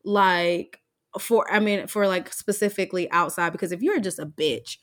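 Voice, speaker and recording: A woman in casual chat, brash and animated, often breaking into laughter. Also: lowish voice, normal speed.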